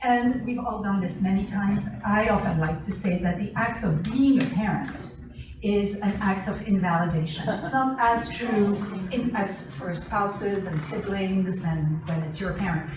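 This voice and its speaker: A woman teaching a family skills class in a lively way, acting out little quotes, laughing often and asking "right?" again and again. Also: medium pitch, a little slow. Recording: echoey room, voice from far off.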